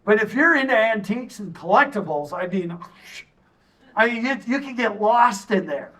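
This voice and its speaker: A middle-aged man speaks from a stage in a lively, story-driven way, tossing in jokey asides. His voice sits fairly high for a man. The mic is some distance from him. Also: moderate pace. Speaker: tourism consultant giving a community assessment. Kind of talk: public presentation to a town audience. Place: stage in a hall.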